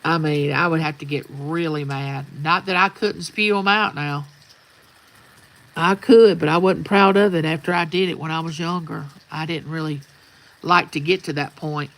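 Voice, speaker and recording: A woman's voice: sits low, steady tone, moderate pace, a bit bright, rough recording. An older woman, telling folksy stories in a rambling, casual chat outdoors. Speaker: vlogger. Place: outdoors at sunrise.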